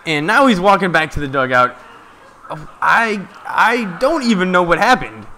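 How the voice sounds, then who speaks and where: A man giving casual, excited live play-by-play of a ball game from a stream, chatting to his viewers. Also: sits high.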